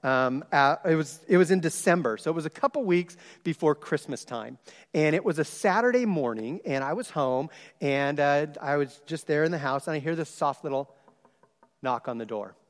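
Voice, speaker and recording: A man preaching a sermon, telling a story with lively shifts and loud exclaimed quotes. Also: a little high, normal speed. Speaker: pastor. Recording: long hall reverb.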